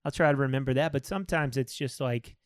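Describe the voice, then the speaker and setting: A man's voice: mid-range voice, quick pace, crowd noise. A congested man hosting a casual podcast interview, easygoing and agreeable, with many fillers. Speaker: podcast host.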